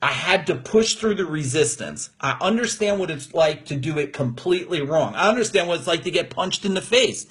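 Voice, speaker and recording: A man who coaches business owners, giving an energetic, emphatic motivational talk on a livestream from his room. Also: on the high side, fairly quick, few pauses, husky. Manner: energetic, emphatic, gets emotional.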